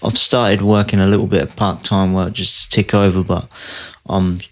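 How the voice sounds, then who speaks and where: A man's voice: low voice, level tone, normal speed. A young man, a mixed martial arts fighter, chatting casually as a podcast guest, laid-back and laughing easily.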